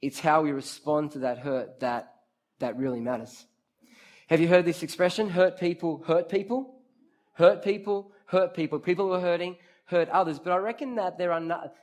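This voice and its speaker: A man delivers a sermon in a voice pitched a touch high for a man. He is lively and talks straight to the crowd, drawing answers out of his listeners and repeating his points for emphasis. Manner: repeats key phrases for emphasis. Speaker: preacher leading a youth group. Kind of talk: interactive sermon.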